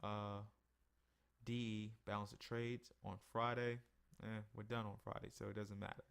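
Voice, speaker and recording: A man's voice: fairly low pitch, moderate pace, creaky, smooth. A tired man going over his trading charts in a casual weekly review, yawning between points. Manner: tired, yawning, relaxed and conversational. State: sleepy. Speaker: forex trading analyst. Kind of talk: casual screen-share market review.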